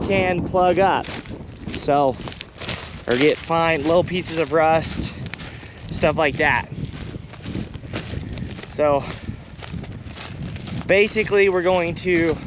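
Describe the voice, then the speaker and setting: A farmer from Kansas casually talking viewers through his work outdoors, walking his field and a bit out of breath. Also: high-pitched. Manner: relaxed, talks to viewers while walking a field. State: out of breath with hiccups. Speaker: farmer vlogger. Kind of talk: casual vlog narration while working. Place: outdoors on a windy farm field. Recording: wind noise on the mic.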